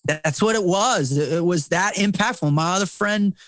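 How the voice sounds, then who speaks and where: A man's voice: sits high, normal speed, a bit bright, no room sound, faint music behind. Middle-aged ex-military guy on a podcast, fired up and preachy, swears a lot, says man constantly, dry studio sound. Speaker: podcast guest, former Navy SEAL. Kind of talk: impassioned casual conversation.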